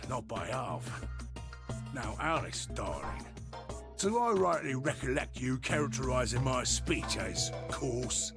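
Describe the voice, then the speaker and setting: An actor playing a grumbling male robot golem with a Cockney accent and slangy, gravelly speech in a video game. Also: medium pitch, very animated, takes it slowly, full character voice. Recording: game audio under music.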